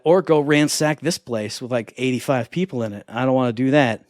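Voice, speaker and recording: A man in his thirties co-hosting a podcast, chatting with excitement and acting out the voices he quotes. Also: mid-range voice, brisk, hardly any pauses, dry recording, studio quality. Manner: enthusiastic, animated, acts out quoted voices. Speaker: podcast co-host. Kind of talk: casual chat.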